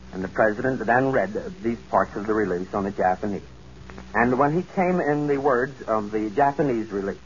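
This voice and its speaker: A man delivers a formal 1940s radio news report in a measured voice of middling pitch. The sound is muffled and narrow, with a faint hiss and hum under it.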